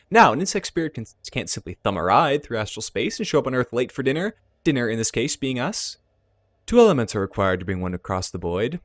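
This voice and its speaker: A man voicing a theatrical, excitable male elf who explains insect spirits with relish. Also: mid-range voice, no room sound, clean studio sound, lightly acted.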